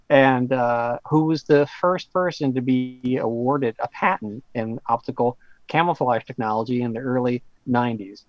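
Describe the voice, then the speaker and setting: A man's voice: medium pitch, no room sound, highs cut off. A male author in casual conversation, telling a long story in a rambling way with many asides. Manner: rambling, with fillers and quick asides. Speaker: author guest.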